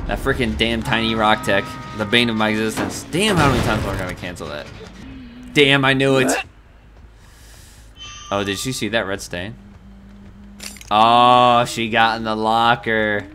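A man giving live commentary on his own gameplay, excitable and talking to himself as he plays. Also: fairly low pitch, measured pace, long pauses. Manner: excitable, talks to himself while playing. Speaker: gaming streamer. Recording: game music loud behind.

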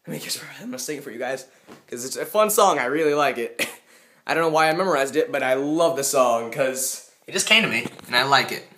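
A young man vlogging at home on a handheld phone, rambling in a goofy, self-aware way. His pitch bounces around a lot as he jumps from one topic to the next. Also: expressive, brisk, bright, forceful tone. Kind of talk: rambling casual vlog. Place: at home, indoors.

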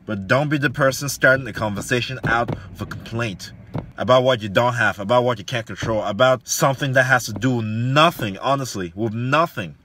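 Bright-voiced preachy motivational man. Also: mid-range voice, a little fast, a little hiss or hum. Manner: preachy, repeats lines, rhetorical questions, slangy. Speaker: online fitness coach. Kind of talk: motivational monologue to camera.

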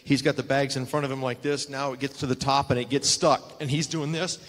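A man's voice: medium pitch, a little fast. A man in his sixties telling stories on stage at a live panel, acting out the voices of people he quotes. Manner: animated, acts out quoted voices. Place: stage in a large convention hall. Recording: roomy hall reverb.

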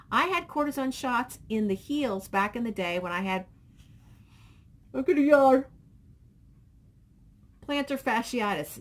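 A middle-aged woman vlogging casually, rambling and reading viewer comments aloud. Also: mid-range voice. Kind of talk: casual chat.

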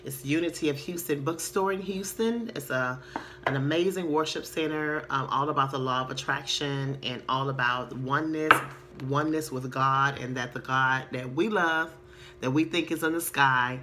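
A woman who works as a therapist, casually teaching about the law of attraction and reading affirmations slowly and earnestly. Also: rumbling low, bright, forceful tone, slight background noise. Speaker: sex therapist and spa owner. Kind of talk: casual spiritual teaching to camera.

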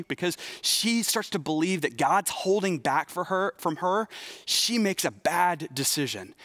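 Earnest, higher-voiced male youth preacher. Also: a bit bright, no echo. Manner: earnest, conversational, frequent restarts. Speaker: youth pastor. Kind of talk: sermon to students.

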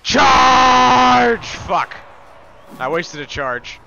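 A man's voice: on the high side, lively intonation, a little fast, bright, forceful tone, dull audio, a little hiss or hum. A young man hosting a gameplay session, chatting casually and giving mock-heroic king speeches to his team between bursts of swearing. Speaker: gaming channel host.

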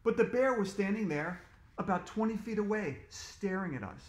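A playful man reads his own story aloud to children, teasing his listeners between chapters. His voice sits high and swings lively up and down. The sound carries the echo of a roomy space. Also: normal speed. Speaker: author reading his book to children. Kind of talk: storytelling read-aloud for kids.

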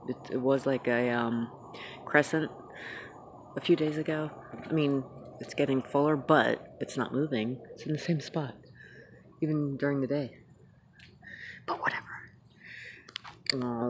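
A woman vlogging casually outdoors at night, chatting in a rambling, sometimes hushed way. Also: rumbling low, steady tone, normal speed, long pauses, slight background noise. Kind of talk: casual chat.

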